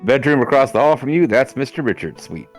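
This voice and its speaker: A man's voice: medium pitch, big pitch swings, a little fast, soft background music, voice pushed up. A man voicing a folksy male lodge keeper in a game, reading his lines with playful jokes thrown in. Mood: chatty. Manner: playful, jokey ad-libs. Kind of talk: reading game dialogue aloud in a put-on voice.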